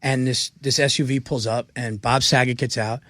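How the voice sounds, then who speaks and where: A man, a comedian guest on a radio show, telling a story with lots of laughter and excitement. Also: medium pitch, moderate pace, no room sound. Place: radio studio. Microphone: studio microphone.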